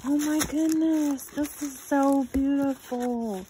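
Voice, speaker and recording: A woman's voice: high voice, a little slow, few pauses, slight background noise. A woman hosting her own channel, gushing and exclaiming as she unboxes a gift box. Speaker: channel host. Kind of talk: unboxing vlog.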